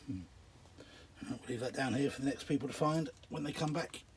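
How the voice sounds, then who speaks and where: A man's voice: medium pitch, brisk, very noisy. A man out of breath, giving casual chatty commentary as he digs in an outdoor pit and films himself with a handheld camera. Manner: chatty, muttered asides, trailing off. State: out of breath from bending. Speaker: vlogger digging an old shelter. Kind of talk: casual commentary while digging. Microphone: handheld camera while digging.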